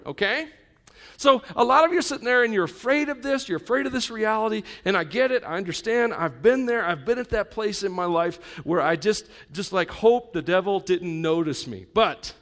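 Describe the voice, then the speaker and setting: A male pastor delivers a sermon to a live congregation in a conversational style with joking asides, swinging between loud emphatic lines and quiet intimate ones. His voice is high.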